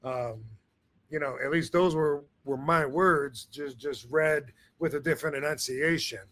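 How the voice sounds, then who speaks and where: A man's voice: on the high side, a little slow, a bit bright. A man hosting a podcast in casual chat, rambling with many fillers and restarts. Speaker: podcast host.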